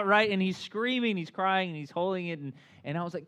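Pastor, thirties, male, slightly high voice; loose chatty sermon full of asides and self-mocking jokes. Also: fairly quick, few pauses, a bit bright. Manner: conversational, filler-heavy, asks the crowd often; self-deprecating humor.

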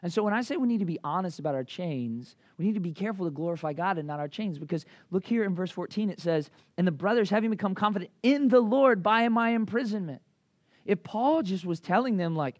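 High-voiced man preaching conversationally. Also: fast talker, no echo, clean studio sound. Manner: conversational, lively, with many fillers and asides. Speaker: pastor. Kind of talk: sermon.

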